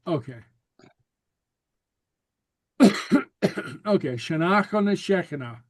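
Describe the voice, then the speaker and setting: A man teaching a Gaelic class over a video call, relaxed and full of fillers and repeated okays. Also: mid-range voice, no room sound.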